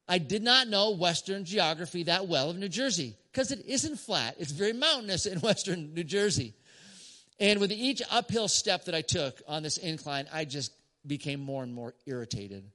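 A man preaching as a pastor, telling a story to a congregation with emphatic pauses and short laughs. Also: high-pitched, expressive, bright, forceful tone. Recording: long church hall reverb.

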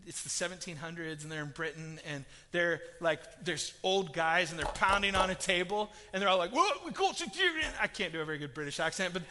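A man preaching a sermon in an animated, conversational way, with a pastor's storytelling manner. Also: fairly high pitch, a little fast, hardly any pauses, noisy background. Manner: animated, conversational, acts out voices. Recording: long reverb of a large hall.

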